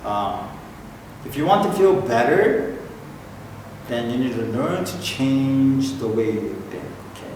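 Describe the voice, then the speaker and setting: A man's voice: medium pitch, very animated, a little slow. A middle-aged man with a Korean accent, preaching a sermon as pastor, repeating key points and checking in with "okay?". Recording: echoey hall from far off, noisy room.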